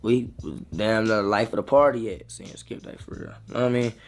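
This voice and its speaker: A young man, telling a rambling, slangy storytime to his viewers that grows animated as he retells it. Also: on the low side, a little fast. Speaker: vlogger. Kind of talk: casual storytime.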